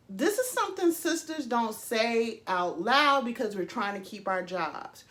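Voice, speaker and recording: Slow, emphatic woman vlogger. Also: fairly high pitch, sing-song, a bit bright. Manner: emphatic, profane, with frequent pauses and fillers. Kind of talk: casual opinion commentary.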